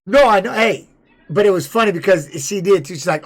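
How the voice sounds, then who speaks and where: Man, casual chat, rambling anecdotes, high-ish voice, animated. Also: a little fast. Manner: rambling, animated storytelling with laughs. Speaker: podcast host and former fighter.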